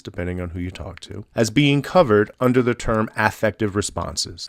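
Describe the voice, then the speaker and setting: A man giving a recorded psychology lecture, explaining clearly with wry deadpan asides. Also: fairly low pitch, no echo, studio quality.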